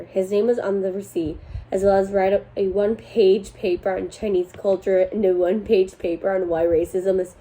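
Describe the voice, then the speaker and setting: Mellow-voiced young woman reading posts. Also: mid-range voice, rough recording. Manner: chatty, laughs between lines. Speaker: host reading online posts. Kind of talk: casual chat reading forum stories aloud.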